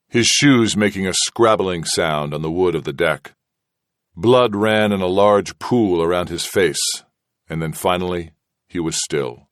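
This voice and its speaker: Deep-voiced male audiobook narrator. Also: no room sound, clean studio sound. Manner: steady, measured reading. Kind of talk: scripted narration.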